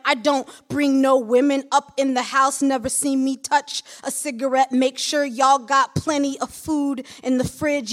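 A tired working father lectures his children bluntly in a woman's performance, reeling off his routine in a flat, scolding cadence. The tone is high and bright, and the pace is slow and deliberate. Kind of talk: performed spoken-word poem.

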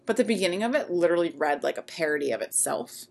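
A woman's voice: lowish voice, animated, quick pace, creaky, a little mellow. A woman co-hosting a podcast, chatting casually in a wry, rambling way with plenty of fillers. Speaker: podcast co-host. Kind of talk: casual chat.

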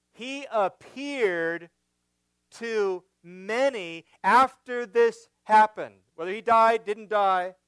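A man preaching an expository sermon, building to emphatic, louder points as he drives home his argument. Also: high-pitched, smooth, no room sound. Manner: slow, emphatic preaching that rises when stressing a point. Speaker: pastor.

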